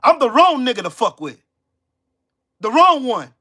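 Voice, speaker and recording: High-pitched, forceful ranting man. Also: very animated, a little slow. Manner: profane, confrontational, shouts at times. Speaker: channel host. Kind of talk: angry livestream rant.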